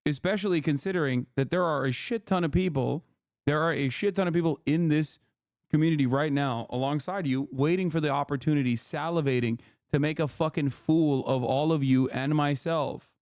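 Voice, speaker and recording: Man, livestream host, heated rant, profane and exasperated, repeats himself, slightly high voice, dry close sound. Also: brisk, darkish tone, no room sound. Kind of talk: heated unscripted rant to chat.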